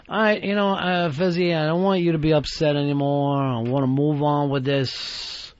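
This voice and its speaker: Blustering radio host, dull broadcast. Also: male voice, fairly high pitch, normal speed, hardly any pauses. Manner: blustering, mock-threatening, swearing. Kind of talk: profane radio banter. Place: radio studio.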